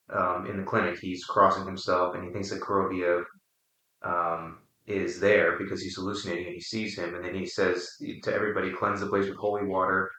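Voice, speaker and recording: A man leading a casual book discussion, explaining his thoughts carefully with frequent pauses. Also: low voice, pushed and bright. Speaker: book study discussion leader. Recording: roomy, distant mic.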